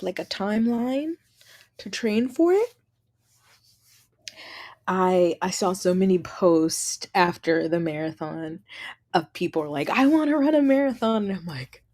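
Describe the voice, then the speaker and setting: Slow, chatty tired woman streaming. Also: mid-range voice, darkish tone. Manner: chatty, greets viewers by name, laughs often. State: tired and yawning. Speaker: livestream host. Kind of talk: casual livestream chat.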